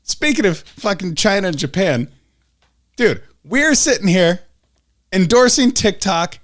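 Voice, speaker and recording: Man, podcast co-host, high pitch, bouncy intonation, teasing casual banter. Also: lively intonation, a little slow, a bit bright. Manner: laughs often, teasing banter. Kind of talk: casual chat.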